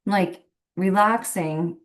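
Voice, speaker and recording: A woman's voice: mid-range voice, takes it slowly. A woman who works as a medium, telling a rambling story in a casual, chatty way and laughing often between phrases. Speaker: professional medium.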